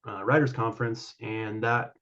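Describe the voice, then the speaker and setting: A man's voice: medium pitch, fairly even intonation, moderate pace, a bit bright, muffled recording. A man being interviewed as an author guest, answering at length with many fillers and restarts. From Colorado.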